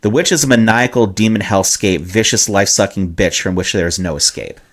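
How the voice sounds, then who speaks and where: A man's voice: fairly low pitch, a little fast. A man co-hosting a casual podcast, explaining things at length with hyperbole, cursing and many "uh"s. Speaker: podcast co-host.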